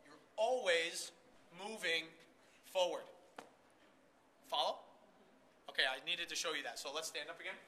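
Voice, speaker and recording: Male sales trainer, live workshop, high and very bright voice, energetic, demonstrative delivery. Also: a little slow, pauses often, slight background noise. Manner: energetic, demonstrative, addresses the room directly. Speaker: trade show sales trainer. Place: room with a live audience.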